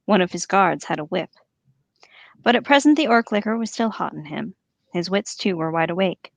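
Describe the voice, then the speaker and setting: Gravelly-voiced woman reading a story aloud. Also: on the low side, normal speed, no room sound. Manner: animated, laughs easily. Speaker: podcast host and reader. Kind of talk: reading a novel aloud with commentary.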